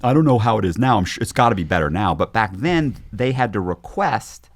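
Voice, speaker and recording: A man's voice: on the low side, expressive, fairly quick. A man, a podcast guest, telling a story in casual conversation, acting out quoted voices, with frequent restarts.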